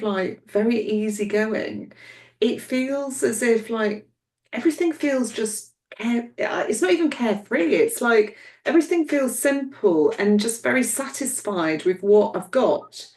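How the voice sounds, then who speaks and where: A woman's voice: mid-range voice, darkish tone, recorded from a distance. A woman hosting a mediumship demonstration, relaying messages in an affectionate, searching way and calling people darling. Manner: repetitive, searching phrasing. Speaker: host and medium. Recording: roomy sound from off-mic.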